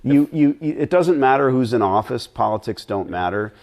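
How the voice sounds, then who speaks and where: A man's voice: medium pitch, lively intonation, normal speed, a little mellow. A middle-aged man chatting bluntly and ramblingly as a guest on a live stream Q&A.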